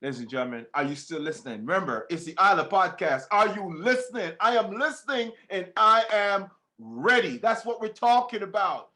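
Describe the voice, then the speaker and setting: A man hosting a podcast, talking like a preacher, fervent and swinging between shouts and hushed lines. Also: high-pitched, lively intonation, fairly quick, few pauses. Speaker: podcast host. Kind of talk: preaching-style podcast talk.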